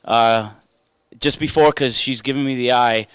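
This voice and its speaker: A man's voice: mid-range voice, fairly even intonation, unhurried, a bit bright, clear, resonant tone, no room sound. A young man doing a stand-up comedy set on a club stage, chatty and self-mocking, riffing with the crowd. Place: comedy club stage before a live audience.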